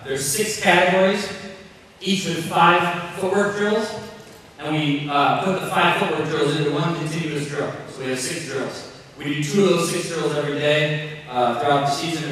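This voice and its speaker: A man running a basketball coaching clinic, calling out drill cues in quick repeated bursts and joking with players as he explains. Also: fairly high pitch, fairly bright tone, slight background noise. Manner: joking, encouraging. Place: large gym. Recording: echoey gym from far off.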